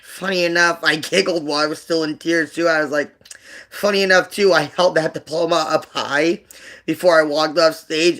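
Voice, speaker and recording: A man with a bright, forward voice tells a personal story on his livestream. He rambles, stops and restarts, leaning on fillers and repeated words. He turns quiet and emotional as the memories get painful. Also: on the high side, fairly even intonation, normal speed. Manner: subdued and emotional when telling painful memories. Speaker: livestream host.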